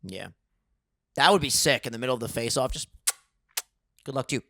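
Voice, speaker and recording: A man's voice: medium pitch, animated, gravelly, bright, forceful tone, no room sound, studio quality. A man co-hosting a podcast, telling stories in a loose, profane, joking way. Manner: loose, profane storytelling with quick jokes. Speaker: podcast co-host. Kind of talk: casual podcast banter. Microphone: studio dynamic microphone.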